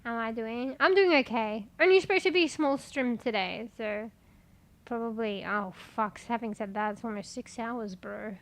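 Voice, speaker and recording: A woman's voice: a little high, moderate pace, fairly bright tone. A young woman streaming a game, chatting casually and rambling, swearing freely and laughing often. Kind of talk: casual live-stream chat.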